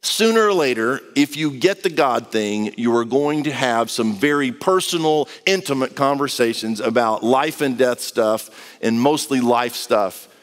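A man's voice: medium pitch, expressive, unhurried, long reverb tail. A man preaching a sermon in a casual, conversational way, acting out quotes as he reads and explains scripture. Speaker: pastor.

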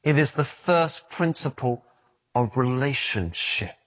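A man preaching a sermon, telling stories in an animated way, often stumbling and restarting his words. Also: medium pitch, slow. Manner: animated storytelling with stammered restarts.

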